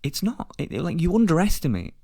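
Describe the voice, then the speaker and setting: Lively man ranting on a podcast. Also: on the high side, fairly quick, dry recording, studio quality. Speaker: podcast host. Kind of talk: casual opinionated chat.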